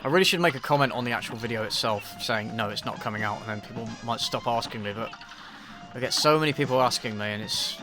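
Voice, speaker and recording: An Englishman with a mid-range voice talks fast over music while streaming a game as a YouTube reviewer. He chats casually and answers viewers in a dry, self-deprecating, offhand way.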